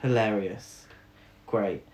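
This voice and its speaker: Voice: medium pitch, slow, a little mellow. A podcast co-host recapping a film in casual chat, sarcastic and laughing. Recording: echoey room.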